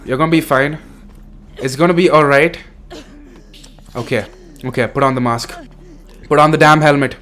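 Excitable young man swearing at a horror game. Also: a little high, normal speed, long pauses. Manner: excitable, swearing, says "bro" a lot. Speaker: gaming streamer.

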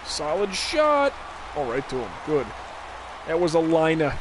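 Fairly high and sing-song, this man's voice moves at an unhurried pace with a crowd audible behind him. He rambles through a live game stream, speaking slightly raised, swearing freely, and drifting off into tangents and stray anecdotes between play calls. It's casual gameplay commentary captured on a desk microphone at home, with a faint hiss beneath his voice.

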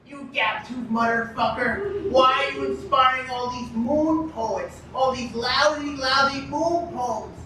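A man's voice: very high voice, a little slow, hardly any pauses, slight background noise, exaggerated voice. A man voicing a drunk, furious male poet who rants and picks a fight. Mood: ranting. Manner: shouting, ranting. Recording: echoey room from far off.

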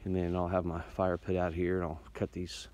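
A bushcraft vlogger with an Indiana accent talks casually to his handheld phone camera in the winter woods, slightly out of breath from the uphill climb. His deep, darkish voice is delivered completely flat at a brisk pace while he rambles in an easygoing, folksy way. The recording is low quality.

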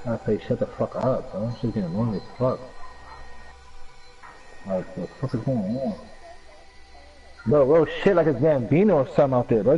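A man's voice: mid-range voice, moderate pace, pauses often. A young man giving casual, profane, slang-heavy commentary while streaming a game. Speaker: gameplay streamer. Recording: dull lo-fi recording.

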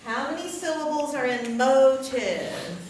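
A woman's voice: high voice, sing-song, a little slow, darkish tone, far from the mic, a little hiss or hum. Patient woman teacher in an echoey classroom. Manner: patient, repeats words and checks in with "okay?". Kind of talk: classroom lecture.

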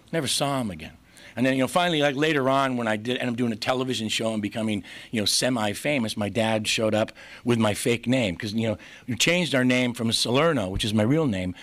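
A man's voice: lowish voice, fairly bright tone. Man, middle-aged, recovery meeting speaker, candid, self-mocking, frequent laughter. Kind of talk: personal story talk. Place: meeting hall.

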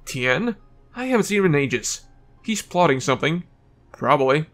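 A man's voice: fairly high pitch, very animated, normal speed, a bit bright, faint music behind. Man reading as a scornful villain scientist. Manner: dismissive, curt.

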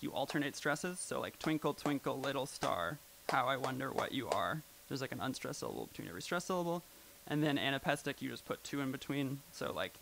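At a live event, a man presents casually in a medium-pitched, creaky, slightly bright voice, rambling along with lots of "like" and "um" fillers. The poor audio carries a little hiss or hum.

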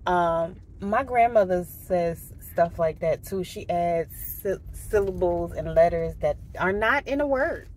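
A woman vlogger chatting casually to her viewers, telling a story in an animated way and often asking "right?". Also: lowish voice, unhurried, few pauses.

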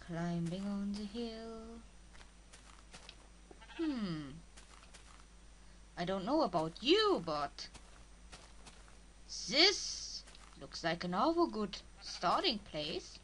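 A woman with a strong German accent, a native German speaker, giving halting, casual commentary as she plays a game and talks to herself. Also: medium pitch, very animated, a bit bright, slight background noise, low-quality recording. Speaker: let's player.

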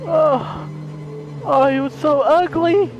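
A man's voice: extremely high pitch, slow, dull audio, faint music behind. A young man giving jumpy, profanity-laden commentary while playing a horror game, yelping when startled. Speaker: let's play gamer. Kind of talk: live gameplay commentary.

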